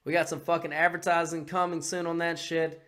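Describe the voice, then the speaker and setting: A man co-hosting a casual political podcast, crude and excitable, swearing freely. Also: fairly high pitch, fairly quick. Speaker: podcast co-host.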